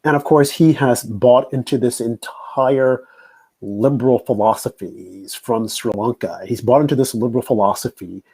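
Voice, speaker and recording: A man hosting political commentary in an emphatic, repetitive way. His voice is husky and mellow, with a relaxed, dark tone. He sits at a middle pitch. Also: moderate pace. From United States. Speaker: host.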